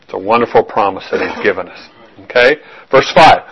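A man's voice: lowish voice, lively intonation, fairly quick, a bit bright, slightly rough, low-quality recording. A man preaching a verse-by-verse sermon in a conversational way, often checking in with his listeners and repeating phrases as he works through a point. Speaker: pastor.

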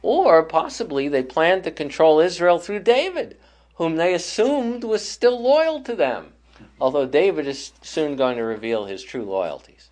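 A man leading a Bible study class, explaining scripture thoughtfully with frequent pauses and restarts. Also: on the high side, animated, a little mellow.

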